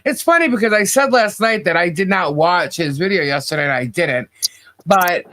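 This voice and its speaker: High, bright-voiced animated man. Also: no room sound. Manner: animated, gasps and laughs, quick asides. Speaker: podcast co-host. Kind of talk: casual commentary chat.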